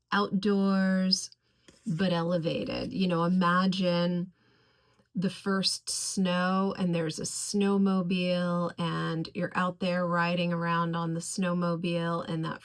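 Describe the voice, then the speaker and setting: A woman reviewing fragrances in a casual video, gushing over each scent and slowly listing its notes. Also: fairly low pitch. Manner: effusive, gushing about scents; slow, deliberate listing of notes.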